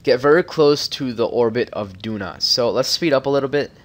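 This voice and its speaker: A man's voice: medium pitch, a little fast, highs cut off. A young man giving casual, rambling commentary over a space game tutorial, joking and getting flustered as he plays. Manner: rambling, jokey and easily flustered. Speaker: gameplay commentator.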